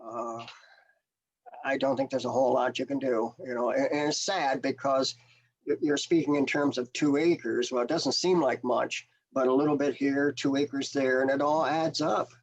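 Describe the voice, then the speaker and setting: A man's voice: mid-range voice, fairly even intonation, moderate pace, dull audio. An older man, a naturalist guest on a video call, talking in a hesitant, rambling way with many fillers. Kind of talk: casual interview conversation.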